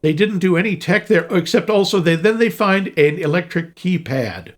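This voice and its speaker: Wry tech-savvy man with a fairly high voice. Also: expressive, normal speed. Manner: knowledgeable, dry, wry about tech. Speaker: podcast co-host. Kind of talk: casual movie review chat.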